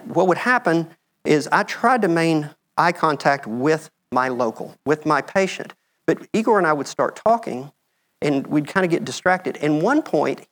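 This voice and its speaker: Chatty American man giving a slide talk. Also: medium pitch. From United States. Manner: conversational, checks in with "okay?". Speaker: medical mission speaker.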